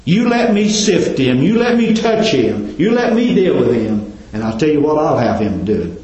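A man's voice: a little high, big pitch swings, moderate pace, darkish tone. A male preacher voicing a scheming male devil who begs to be let loose on a good man. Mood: taunting. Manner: pleading, taunting. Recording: very echoey, dull lo-fi church recording.

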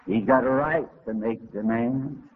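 A man preaching a sermon, telling a homespun story dramatically and climbing to emotional high points. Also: a little slow, slight background noise. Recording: tinny lo-fi narrow-band recording.

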